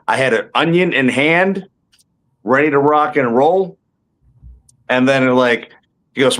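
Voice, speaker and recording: A man's voice: mid-range voice, slow pace, long pauses, fairly bright tone. Rambling, joking male storyteller. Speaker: guest actor and stand-up comedian. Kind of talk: casual interview storytelling. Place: indoors, tucked in somewhere warm.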